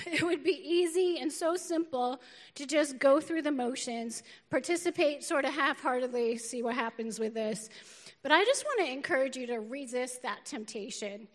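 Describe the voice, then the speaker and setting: A middle-aged woman pastor from the northern United States preaches a feisty, lively sermon punctuated by quick laughs. Her voice is high, and the big church hall gives it a long, reverberant echo.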